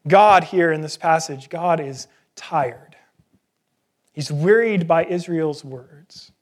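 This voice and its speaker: A man's voice: a little high, slow pace. A man preaching an earnest sermon, asking rhetorical questions and joking at his own expense. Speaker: pastor.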